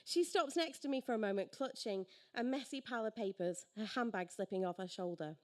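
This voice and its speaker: A woman's voice: medium pitch, fairly quick. A woman reading her own story aloud at a live storytelling night, sardonic and acting out the dialogue.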